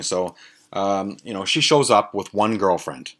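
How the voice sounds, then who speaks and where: A man with a very deep, low-pitched voice tells a story on his podcast. He rambles casually, swearing freely and filling pauses with ums and uhs. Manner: profane, rambling, many fillers. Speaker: podcast host.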